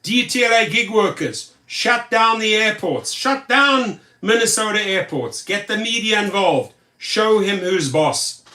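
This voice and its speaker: A tired man with a high, bright voice rants on a vlog, angry and sarcastic, and keeps repeating his words. He sits back from the mic in an echoey room. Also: expressive, measured pace, few pauses, recorded from a distance. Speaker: rideshare driver and video host. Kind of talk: ranting vlog commentary.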